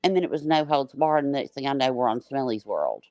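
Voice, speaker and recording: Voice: medium pitch, lively intonation, a little fast, a little mellow, dry recording. A panel guest chatting on a livestream, rambling and restarting sentences with lots of fillers. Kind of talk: casual livestream chat.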